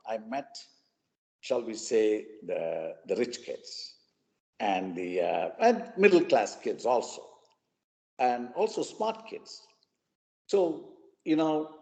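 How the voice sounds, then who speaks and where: This mid-range male voice belongs to a Chennai man with an Indian English accent, a guest speaker at a mentoring webinar telling his personal story. He brings it to life by briefly acting out the people he quotes, and the sound has a long reverb tail.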